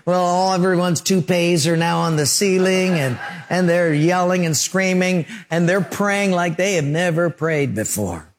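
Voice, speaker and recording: Animated preaching man, slightly high voice. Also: measured pace, hardly any pauses. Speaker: pastor. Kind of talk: sermon.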